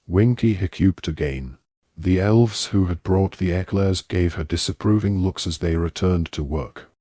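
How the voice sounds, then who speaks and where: Deep husky male audiobook narrator. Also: a little slow, warm tone, no room sound, studio quality. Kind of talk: scripted narration.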